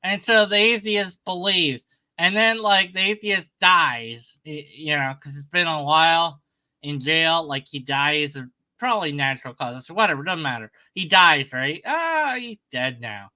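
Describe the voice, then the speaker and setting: A man's voice: a little high, animated, a little slow, bright, forceful tone, low-quality recording. A man sarcastically retelling a story in casual commentary, mocking the people in it.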